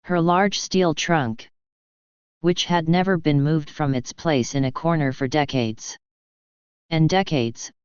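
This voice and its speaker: Slow storybook narrator, careful English-learner reading, crisp clear voice, dull dry recording. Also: medium pitch, dry recording.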